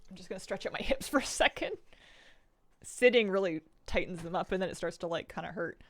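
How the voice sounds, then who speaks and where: A woman's voice: on the low side, a little fast. A woman from the United States streaming from home, chatting casually and thinking aloud while she eats and plays a game. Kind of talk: casual live-stream gaming chat.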